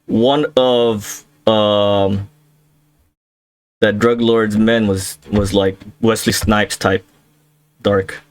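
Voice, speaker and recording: Slow-talking man reacting offhand. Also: on the low side, little pitch movement. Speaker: reaction video host. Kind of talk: casual reaction commentary.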